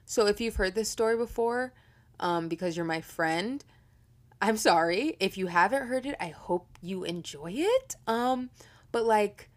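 A woman's voice: medium pitch, lively intonation, unhurried. A young woman hosting a casual storytelling podcast, chatty and profane, laughing often as she talks. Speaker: podcast host.

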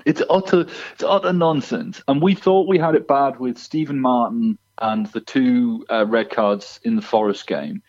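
A man's voice: medium pitch, moderate pace, hardly any pauses, darkish tone. A man calling in to a podcast by phone, talking in a rambling, exasperated way with many restarts. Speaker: guest on the phone. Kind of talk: casual chat. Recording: dull phone line.

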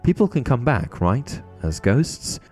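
A man's voice: mid-range voice, big pitch swings, a little slow, darkish tone, slightly rough, faint music behind, pitched above the performer's own voice. Harry Potter, a man doing an angry teen wizard. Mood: urgent. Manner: urgent, pleading, raised voice. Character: angry grieving teenage boy wizard.

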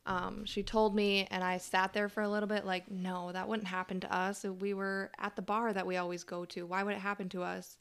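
A woman's voice: medium pitch, flat delivery, a little fast, few pauses, fairly bright tone, clear, resonant tone. A young woman in her twenties, an interview guest, telling her story plainly and matter-of-factly. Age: 20s. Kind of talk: personal account in an interview.

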